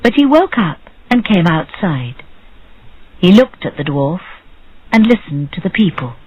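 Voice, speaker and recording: Woman storyteller for learners of English, slow and breathy. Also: no echo, muffled recording. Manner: slow, clear, simple sentences with lively pitch. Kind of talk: scripted story narration.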